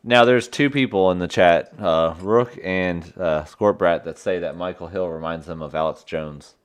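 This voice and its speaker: Male host, very low voice, laid-back joking chat with guests. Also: moderate pace, clean tone. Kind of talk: casual livestream chat.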